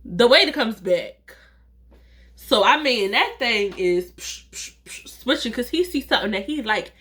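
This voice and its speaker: A woman telling a personal story in a casual vlog, chatty and animated, acting out the dialogue and talking straight to her viewers. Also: fairly high pitch, unhurried. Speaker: vlogger, storyteller.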